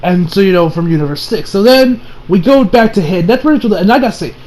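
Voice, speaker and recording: A man's voice: high-pitched, lively intonation, brisk, darkish tone. A man giving a casual anime episode review in a rambling, slangy way, full of fillers and loose asides.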